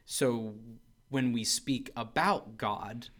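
A man in an everyday middle register, co-hosting a relaxed Bible discussion. He talks things through out loud, leaning on emphasis as he works his way to a point. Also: mid-range voice, slow pace. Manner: conversational, emphatic, thinks aloud. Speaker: podcast co-host.

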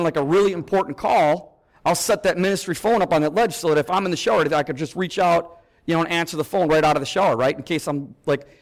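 A man telling a testimony story as a ministry leader, in a conversational way with frequent "right?" asides. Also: on the high side. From American Midwest. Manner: conversational, repeats "right?" and restarts often.

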